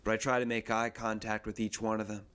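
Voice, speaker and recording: A man reading a first-person novel aloud in a steady, even manner. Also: lowish voice, quick pace, smooth. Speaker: reader.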